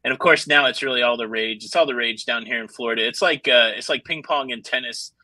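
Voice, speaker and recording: A man joining a live stream as a guest over a video call, joking with deadpan asides. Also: medium pitch, fast talker, no echo, poor audio. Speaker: cruise YouTuber guest. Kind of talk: casual live stream chat.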